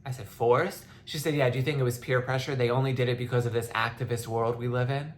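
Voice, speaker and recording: A young woman with a bass voice hosts a podcast, speaking fast and steadily in a casual, impassioned monologue. She restarts often and at times sounds close to tears.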